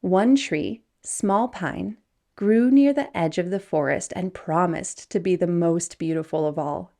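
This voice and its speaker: Slow, gravelly woman reading a storybook. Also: on the low side. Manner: gentle, unhurried read-aloud with soft hushed passages.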